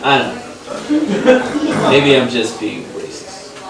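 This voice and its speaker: A young man from Los Angeles doing a stand-up comedy set, loud on punchlines and dropping low for asides. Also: steady tone, slow pace, gravelly. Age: young adult. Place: comedy club stage. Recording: echoey live room, mic far off, crowd laughter.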